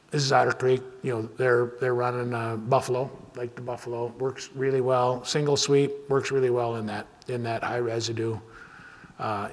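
Man, farmer presenting, casual and rambling, long hall reverb. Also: medium pitch. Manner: casual, rambling, frequent restarts. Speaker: farmer giving a talk. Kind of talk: conference presentation with audience Q&A.

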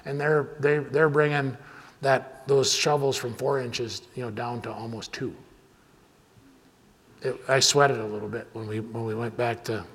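A man's voice: mid-range voice, steady tone, unhurried, a bit bright. A man, a farmer giving a conference talk in a casual, rambling way with frequent restarts. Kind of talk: conference presentation with audience Q&A. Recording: hall reverb.

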